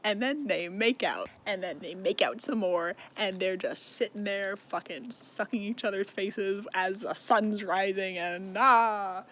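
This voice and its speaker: A man's voice: high-pitched, a little slow, few pauses, bright, forceful tone. A young man giving a casual, rambling book recap, swearing freely and saying "like" often. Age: young adult. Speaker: book video host.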